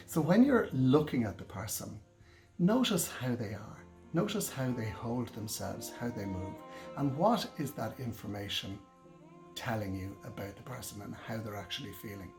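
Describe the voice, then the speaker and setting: A man giving a gentle, reassuring training talk to carers, speaking directly to his audience. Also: medium pitch, lively intonation, moderate pace, music in the background. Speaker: care trainer. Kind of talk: instructional talk to camera.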